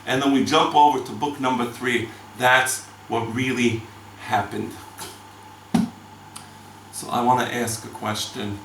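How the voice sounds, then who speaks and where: A man teaching a Torah lecture as a rabbi, animated and chanting verses between his explanations. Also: mid-range voice, gravelly, slight background noise. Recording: echoey room, mic from far off.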